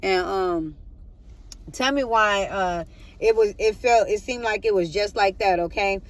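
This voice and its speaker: A woman's voice: medium pitch, a little slow. Woman rambling through a personal testimony. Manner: rambling, repeats "I'm like", talks straight to viewers. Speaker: vlogger.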